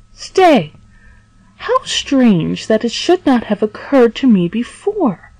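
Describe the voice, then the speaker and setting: A woman's voice: mid-range voice, mellow, no room sound, low-quality recording. A woman reading the part of a wronged young male prisoner who answers questions earnestly and eagerly.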